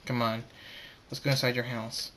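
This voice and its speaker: A man voicing a young male pegasus pony who speaks gently and reassuringly in a quiet, low-key way. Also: level tone, normal speed, slight background noise, close to an everyday voice. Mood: comforting.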